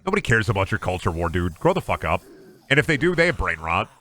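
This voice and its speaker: A man's voice: low-pitched, big pitch swings, fast, bright, forceful tone. A man streaming a game, chatting casually and ranting in a joking way with a lot of swearing. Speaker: gaming streamer. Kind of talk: casual live-stream chat.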